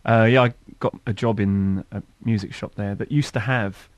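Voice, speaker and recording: Low-voiced chatty man telling stories. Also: steady tone, normal speed, dry recording. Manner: chatty, rambling storyteller. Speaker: band member. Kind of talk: casual radio interview chat. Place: radio studio.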